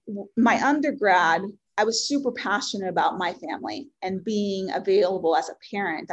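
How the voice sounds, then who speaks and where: A woman in her forties whose first language is Spanish speaks at a medium pitch. She shares her life story with an interviewer, earnest and heartfelt. She is unhurried, with frequent ums and thoughtful pauses. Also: lo-fi sound. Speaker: interview guest. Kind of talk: personal life story in conversation.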